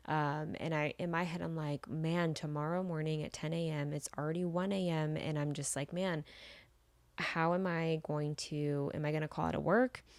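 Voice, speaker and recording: A woman's voice: low-pitched, no room sound. A young woman hosting a podcast, telling a personal story in a casual, rambling way with many fillers. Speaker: podcast host.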